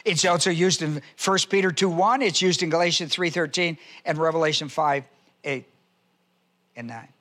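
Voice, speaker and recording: A man delivers a teaching sermon, listing scripture references and spelling out words for his listeners. His voice sits high and carries a bright, forceful edge. He slows down to repeat the key points. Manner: repeats key phrases slowly for emphasis. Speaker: preacher.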